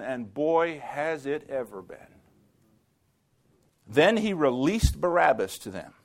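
A man preaching a sermon with a fairly high voice. He talks slowly and deliberately, with dramatic swings between loud declarations and near-hushed lines. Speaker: pastor.

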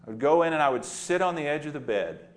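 A man preaching a sermon as pastor, animated and dramatic, building to emphatic high points. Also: fast.

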